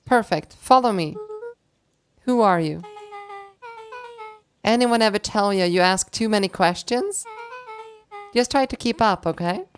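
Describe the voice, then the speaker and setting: A woman's voice: mid-range voice, lively intonation, measured pace, long pauses, faint music behind. A woman streaming a story game, reading every character's lines aloud in playful voices and laughing between them.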